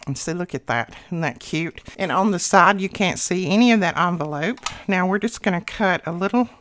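A woman's voice: lowish voice, moderate pace, a bit bright. A woman hosting a casual craft tutorial, talking to viewers as she works and a little out of breath. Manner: chatty, talks to viewers while working. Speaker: craft channel host.

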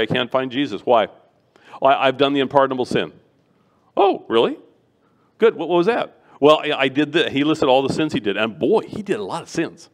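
A middle-aged man giving a sermon as a guest preacher, animated and acting out the voices of people he quotes. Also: medium pitch.

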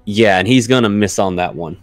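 A man acting as dungeon master, narrating a casual tabletop game in a relaxed way and laughing often. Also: fairly low pitch, a little fast, music in the background.

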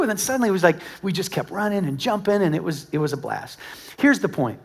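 A middle-aged American man preaching a sermon to a live congregation, telling stories with lively acted-out dialogue and swinging between loud calls and hushed asides. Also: on the high side, fairly quick. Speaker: pastor. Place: church auditorium with live congregation.

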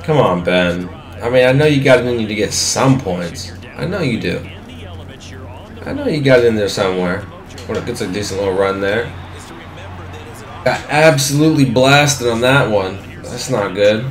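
A young man giving live, excitable commentary on his own football video game, swearing freely and talking at the screen. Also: on the low side, moderate pace, reverberant. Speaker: gaming commentator.

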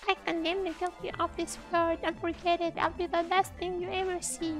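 A man doing a shrill, gloating lady executioner. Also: flat delivery, a little fast. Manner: gloating, mock-polite. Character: sadistic, mocking female executioner. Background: game music.

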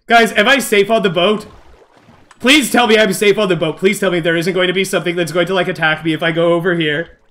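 A young man streaming a game live to his chat, excitable and jumpy, repeating himself in bursts when scared. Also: high-pitched, quick pace. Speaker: gaming streamer. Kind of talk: live gameplay commentary.

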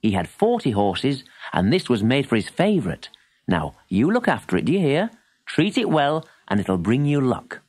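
A man voicing a kindly old gypsy grandmother who speaks in a firm, caring tone, raised high and soft. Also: huge pitch swings, normal speed, husky. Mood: tender, firm.

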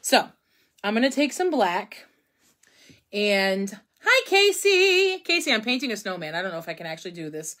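A woman's voice: mid-range voice, normal speed, long pauses, fairly bright tone. Young woman chatting thru a painting tutorial, laughs at her own mistakes, talks to herself as she goes. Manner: chatty and self-deprecating, thinks aloud while painting. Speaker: craft instructor.

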